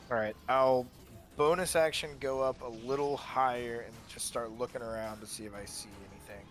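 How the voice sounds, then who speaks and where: A man's voice: mid-range voice, fairly even intonation, a little fast, faint music behind. A man playing a tabletop game, asking questions in a casual, slightly unsure way. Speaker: player.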